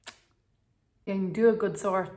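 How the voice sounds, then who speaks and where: A woman's voice: medium pitch, steady tone, unhurried, darkish tone. Young Irish woman, casual chat vlogger, rambling and self-mocking. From Ireland.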